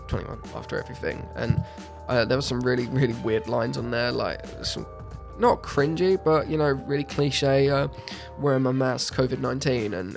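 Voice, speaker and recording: Gravelly young man reviewing music. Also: medium pitch. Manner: enthusiastic, repeats words for emphasis. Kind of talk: casual music review monologue.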